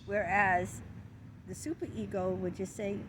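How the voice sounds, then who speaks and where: A woman's voice: medium pitch, level tone, unhurried, background noise. A woman psychology teacher explaining a theory in a casual, playful way, repeating and restarting. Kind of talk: casual lesson.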